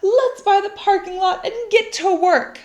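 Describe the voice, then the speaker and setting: A woman's voice: very animated, unhurried, heavily acted. Woman doing an eager young boy in a storybook. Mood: excited. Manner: high and eager. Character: earnest young boy devoted to his pet. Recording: echoey room.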